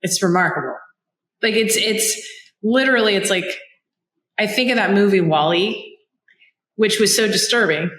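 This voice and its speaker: A woman's voice: medium pitch, moderate pace, pauses often, a bit bright. A woman hosts an interview on a farm, eagerly affirming her guest. Her voice sits mid-range. An echoey room surrounds her. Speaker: podcast host. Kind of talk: casual interview conversation.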